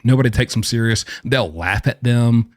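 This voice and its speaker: A man's voice: medium pitch, normal speed, no echo, studio quality. A man giving opinionated reaction commentary with a blunt, mocking manner, speaking as someone who says he knows prison life firsthand.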